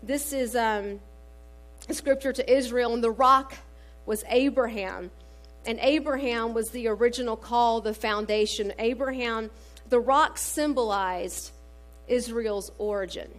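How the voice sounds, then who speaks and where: A woman's voice: on the high side, a little slow, faint music behind. A middle-aged woman preaching a sermon, mixing scripture readings with family stories and frequent "um" fillers. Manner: warm storytelling with scripture quotes, many fillers.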